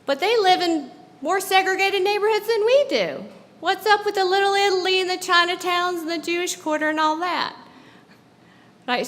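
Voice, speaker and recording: A woman from the American South giving a personal storytelling talk on stage at a live show. She keeps it conversational, checking in with the audience with quick tag questions. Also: sits high, fairly bright tone, big-room sound. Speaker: guest speaker. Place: live show at a club venue.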